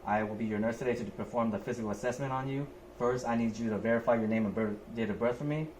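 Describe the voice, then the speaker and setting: A man's voice: mid-range voice, quick pace, darkish tone. A young adult man, a nurse, talking through a physical assessment step by step in a methodical way. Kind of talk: narrated skills demonstration. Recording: echoey room, faint background noise.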